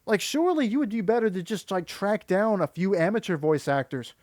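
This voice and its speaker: High-voiced exasperated man ranting. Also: sing-song, a little fast, darkish tone, no room sound, clean studio sound. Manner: exasperated, critical, rambling with many restarts. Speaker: YouTuber and voice actor. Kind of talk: commentary video rant.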